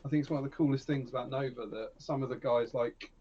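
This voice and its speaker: A man chatting as a guest, quick and chatty, often trailing off mid-thought. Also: mid-range voice, fairly even intonation, warm tone, breathy edge, lo-fi sound. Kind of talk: casual chat.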